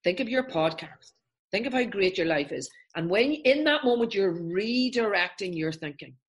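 A woman therapist, a guest on a podcast, explaining a calming technique step by step and acting out everyday examples in different voices. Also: medium pitch, normal speed. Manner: animated, acts out examples in voices.

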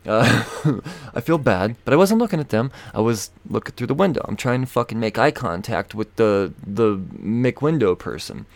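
A man's voice: mid-range voice, expressive, normal speed, no room sound. A man hosting a podcast, telling a story in a casual, profane, exasperated rant. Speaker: podcast host.

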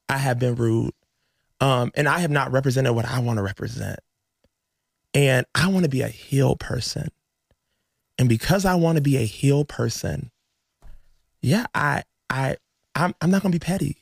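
A man hosting a casual faith podcast, telling an emotional story and acting out the dialogue with lively energy. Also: medium pitch, moderate pace, creaky, no echo, clean studio sound. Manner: emotional, animated storyteller who acts out dialogue. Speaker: podcast host.

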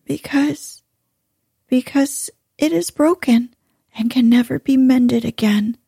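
A woman's voice: sits high, takes it slowly, gravelly, mellow, slightly rough, no room sound, clean studio sound, exaggerated voice. A woman reading as a frightened young shepherd boy.

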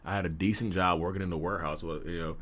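A man's voice: deep voice, steady tone, very fast, fairly bright tone. A man in his thirties tells his own story in a candid, conversational way, full of "you know" fillers. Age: 30s. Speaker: podcast host. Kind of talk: personal storytelling monologue.

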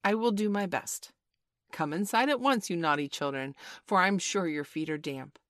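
A woman reading a storybook and voicing Wendy, a prim, motherly little girl who talks in an earnest, gently fussing way. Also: fairly low pitch, normal speed, no echo, clean studio sound, natural voice.

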